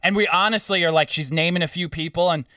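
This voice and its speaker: Young dude rambling in casual chat, high bright voice, dry and a little off mic. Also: male voice, steady tone, fast talker, no echo, distant mic. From Long Island, New York. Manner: rambling, slangy, searching for words. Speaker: podcast co-host.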